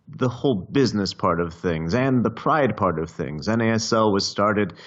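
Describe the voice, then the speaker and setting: Low-voiced guy breaking down football on the radio, steady and explainy, dull muffled line. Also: normal speed. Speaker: football pundit. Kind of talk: radio phone-in analysis.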